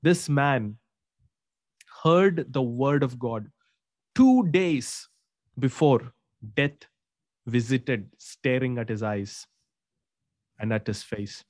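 A man hosting a faith talk show as a pastor, speaking with emphatic, drawn-out preaching phrasing. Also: mid-range voice, dry recording. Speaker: host and pastor.

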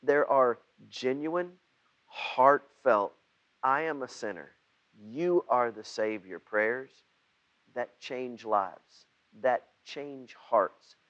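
A male pastor delivers a sermon over a video recording, in an unhurried voice that often stumbles and restarts. His mid-range voice swells into emphatic bursts at key points, and the audio sounds dull and lo-fi. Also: mid-range voice, fairly bright tone. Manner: halting, with repeated restarts; rises to emphatic outbursts when voicing Jonah. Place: home setting, preached over video.

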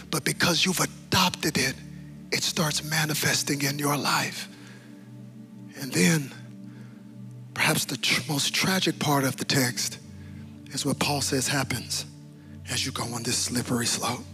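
Male preacher, fairly high voice, impassioned, hushed to shouting, faint music underneath. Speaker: pastor. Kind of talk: sermon.

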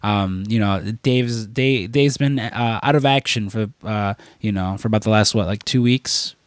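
A man's voice: on the low side, moderate pace, no echo. A man hosting a podcast in casual chat, congested and stuffy, rambling loosely with lots of fillers. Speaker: podcast host.

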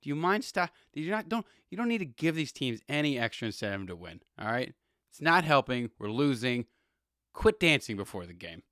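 A man's voice: mid-range voice, big pitch swings, a little fast, fairly bright tone, dry recording, clean studio sound, pitched above the performer's own voice. A man imitating an exasperated male football coach pleading with his players.

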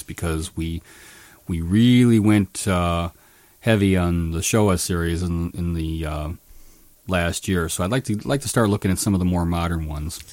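A man's voice: sits low, no room sound. A man co-hosting a podcast, chatting casually about a movie with lots of restarts and filler words. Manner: rambling, many restarts and "uh"s, gets animated telling scenes. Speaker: podcast co-host. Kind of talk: casual movie review chat.

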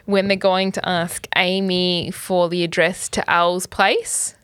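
A young woman in easy podcast chat, relaxed and unhurried, stopping on "um" as she retells scenes. Her voice sits close and dry on the mic. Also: on the low side, clear, resonant tone, no echo. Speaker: podcast co-host. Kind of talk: casual chat.

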